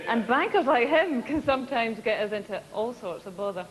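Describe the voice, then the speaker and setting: A woman's voice: on the high side, expressive, fairly quick, long reverb tail, slight background noise, low-quality recording. A Scottish woman presenting a TV comedy show, delivering scripted links in a dry, wry way.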